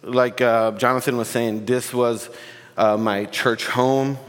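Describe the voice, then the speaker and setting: A man's voice: mid-range voice, fairly even intonation, slow pace, a bit bright. A man preaching as a guest speaker, with casual, joking, emotional church talk. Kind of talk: sermon. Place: church sanctuary. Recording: long hall reverb.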